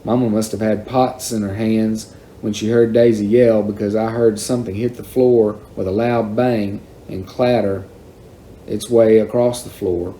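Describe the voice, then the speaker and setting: A man reading a children's novel aloud in a plain, unhurried storytelling manner. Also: on the low side, level tone, warm tone, a little hiss or hum. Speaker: reader.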